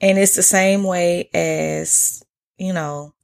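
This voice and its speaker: A young American woman with an Atlanta Southern accent hosts a casual solo podcast, sharing travel stories. Her voice is lowish, slow, and fairly even, while her talk is candid and slangy with lots of swearing.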